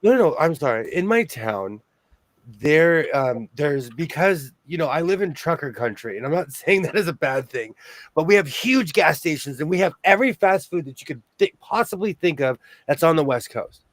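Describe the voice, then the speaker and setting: A man's voice: a little high, lively intonation, normal speed, no room sound. A man in his forties from California, hosting a rambling casual chat over a video call. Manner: rambling, chatty storyteller.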